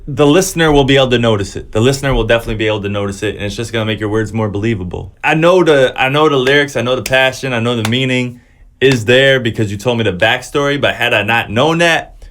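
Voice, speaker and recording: A man in the middle of an average pitch range chats through a review of fans' tracks like a friendly producer. He keeps it loose and encouraging, stumbling over restarts and filling gaps with "like". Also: fast talker, fairly bright tone. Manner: encouraging, conversational, with many restarts and "like" fillers. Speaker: music producer reviewing fan songs. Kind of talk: casual reaction commentary.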